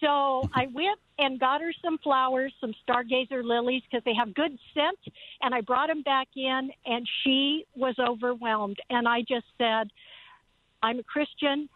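A woman in her seventies calls in to a radio show and tells an earnest story in a high voice. The line is tinny and dry, like a telephone. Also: steady tone, measured pace, no room sound. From Southern California. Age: 70s. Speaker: caller. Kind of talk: phone-in testimony.

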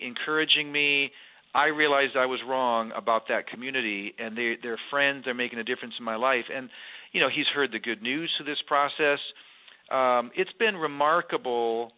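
An earnest man speaks as a guest about faith and community, pressing his points with emphasis. His voice comes through a thin, phone-like line. It sits at an ordinary pitch for a man. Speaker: guest, former mayor. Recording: tinny phone-line sound.

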